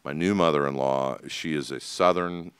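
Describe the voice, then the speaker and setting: A man's voice: a bass voice, fairly even intonation, fairly bright tone, clear, resonant tone, no room sound, clean studio sound. A man in casual interview conversation, talking openly and earnestly with frequent restarts. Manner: earnest, open, halting restarts. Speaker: restaurateur, podcast guest.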